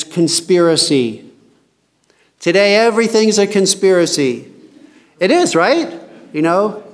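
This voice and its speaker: A man giving an informal Bible teaching, chatting with his listeners and reading scripture slowly and with emphasis. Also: fairly high pitch.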